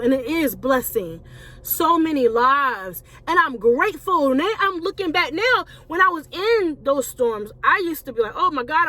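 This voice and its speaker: A woman's voice: sits high, fairly bright tone. A woman, a Christian life coach and author, telling her personal story to viewers in a conversational way, calling them y'all.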